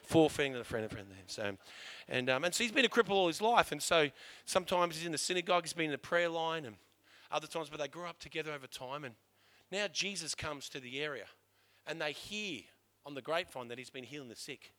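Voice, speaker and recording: A middle-aged man preaching a sermon to his church, impassioned, swinging between loud urging and hushed emphasis. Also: on the high side, lively intonation, quick pace. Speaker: pastor.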